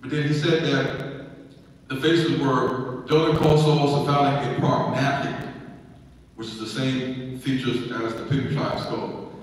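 A man's voice: mid-range voice, fairly even intonation, distant mic. Man lecturing in an echoey hall. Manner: halting, repeats words, lists terms slowly. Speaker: conference presenter. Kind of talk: lecture comparing words across languages. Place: conference hall.

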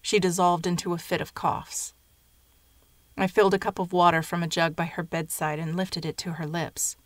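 Low, measured woman narrator. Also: dry recording. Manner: measured, even storytelling. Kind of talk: scripted narration of a short story.

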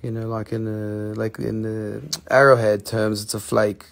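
A man's voice: lowish voice, level tone, unhurried, vocal fry. A man hosting a live online sale, talking casually and enthusiastically, rambling and swearing now and then. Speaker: host selling rocks and minerals on a live stream. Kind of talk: casual live sales chat.

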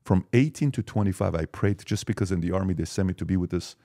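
A man in his forties, a podcast guest, talking emphatically and telling lively stories in casual conversation. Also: low-pitched, fast talker.

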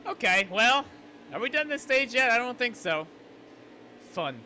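A young man streaming a racing game, excitable and swearing, muttering to himself as he drives. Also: very high-pitched, measured pace, slight background noise. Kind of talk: live gaming stream chat.

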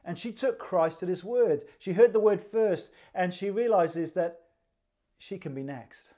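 A man's voice: high-pitched, unhurried, warm tone. A man preaching a livestreamed sermon, conversational and dryly humorous, with rhetorical questions. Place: church livestream.

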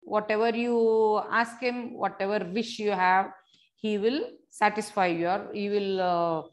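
Reading a story to young children, this woman teacher talks to them directly and explains every word simply, repeating as she goes. Her medium-pitched voice has fairly even intonation and a slightly slow pace.

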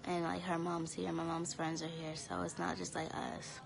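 A tired young woman chatting casually to viewers on a phone live stream from home, talking in a drowsy, low-energy way. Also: little pitch movement, moderate pace, gravelly, noisy background. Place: home, indoors.

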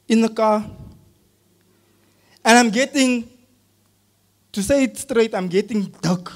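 A preacher whose voice sits very high for a man. He tells his sermon story in loose, slangy talk. He swings from hushed lines to shouted ones. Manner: casual slangy address.

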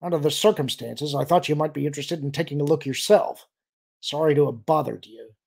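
Audiobook: a man doing a snappish male colonist, insistent, disgusted, gravelly. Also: fairly high pitch, a little fast, darkish tone.

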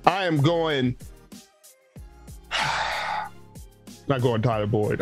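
A man's voice: medium pitch, animated, drawn-out words, long pauses, soft background music. A man in his thirties hosting a casual sports podcast, bantering with a playful, mock-exasperated manner. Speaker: podcast host.

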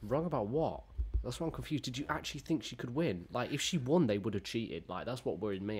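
A man talks over clips with a mocking, foul-mouthed edge, and his voice sits a little low. He runs a casual reaction commentary, scoffing at what he sees. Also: brisk, a little mellow, slightly rough. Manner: mocking, profane, sarcastic.

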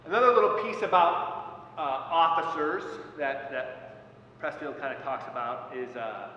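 Man in an echoey hall, measured talk. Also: fairly high pitch, bright, forceful tone, slight background noise. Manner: measured, pausing with many fillers. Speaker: former Marine platoon commander. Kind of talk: reflective talk. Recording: echoey hall, dull lo-fi sound.

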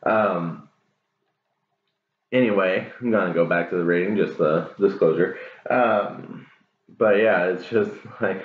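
A man's voice: deep voice, slow, long pauses. A man doing a casual tarot reading, chatty, laughing and cussing as he talks. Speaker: tarot reader. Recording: lo-fi, phone-like, echoey, faint hiss.

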